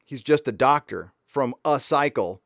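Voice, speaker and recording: A man hosting a live stream talks casually in a middle-range voice, ranting and swearing between shout-outs to viewers. The sound is dry and close, with no room echo. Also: medium pitch, expressive, a little slow, vocal fry. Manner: ranting and profane, reading viewer messages aloud. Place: warm indoor room.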